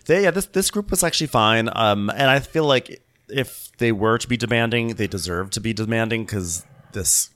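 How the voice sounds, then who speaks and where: A man's voice: animated, normal speed, fairly bright tone. Joking male podcast co-host. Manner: jokey, mimics people in high falsetto voices. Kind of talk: casual recap chat.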